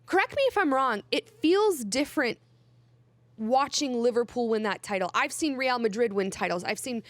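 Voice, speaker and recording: Young woman, higher voice, dry close sound; chatty podcast host who gets emotional and laughs. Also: no echo. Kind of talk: casual chat.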